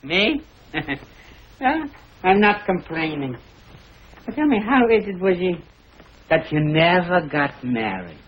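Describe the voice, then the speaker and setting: An actor playing a kindly, excitable older family man with an animated, chuckling delivery. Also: sits high, slow, pauses often, husky, heavily acted. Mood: hesitant, gentle. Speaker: family father and uncle. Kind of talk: 1950s TV sitcom acting. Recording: dull lo-fi 1950s TV audio with faint hiss.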